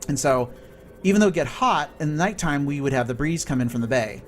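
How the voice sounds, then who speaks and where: A man from California chatting excitably and swearing casually while he streams a video game. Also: a little high, a little fast, a little hiss or hum. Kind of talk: live gameplay stream chat.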